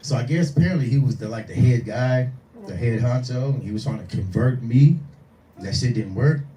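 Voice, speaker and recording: A man's voice: mid-range voice, moderate pace. A man doing stand-up at a live lounge show, ranting through a profane story and acting out every quote. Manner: profane, animated, rants and acts out quotes. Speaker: stand-up comedian. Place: lounge venue with live audience. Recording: roomy venue, distant mic, faint crowd.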